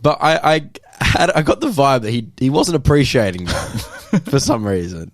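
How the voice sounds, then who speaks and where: An Australian man co-hosting a podcast in casual chat, lively and quick to laugh. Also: mid-range voice, no room sound, clean studio sound. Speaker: podcast co-host.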